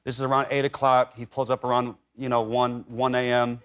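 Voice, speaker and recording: A man's voice: medium pitch, little pitch movement, a little fast, noisy background. Talk show guest, man, 30s, rambling anecdotes, casual TV studio chat. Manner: rambling storyteller, heavy on "like" and restarts.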